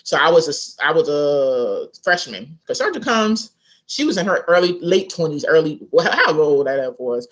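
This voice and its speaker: A woman author tells a family story in a relaxed interview. Her voice sits a little low, and she mimics the people she quotes in a lively, animated way. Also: moderate pace, dull audio. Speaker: author guest.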